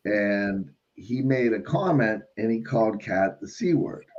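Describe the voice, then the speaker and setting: A man's voice: on the low side, expressive, a little slow, a little mellow. A man hosting a casual live stream, telling stories emphatically and cutting in with listen. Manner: storytelling, emphatic, says listen. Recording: slightly dull lo-fi sound.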